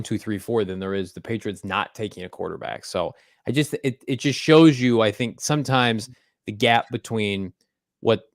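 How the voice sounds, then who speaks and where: A man's voice: on the low side, dry recording. A man hosting a sports podcast, giving opinions in a punchy, emphatic casual chat from a studio. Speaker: podcast host.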